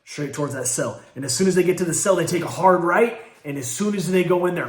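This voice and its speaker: Animated man telling a story, roomy echo. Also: fairly high pitch, fast. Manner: animated, acts out quoted speech, swearing, fillers like "like". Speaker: host telling his own story. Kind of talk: casual first-person storytelling.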